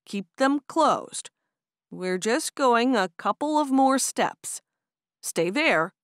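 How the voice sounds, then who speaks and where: A woman narrator voicing a steady, playful young Amish man who speaks firmly. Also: high voice, slow, dry recording, studio quality, pitched above the performer's own voice, heavily acted. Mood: teasing. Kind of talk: audiobook character voice.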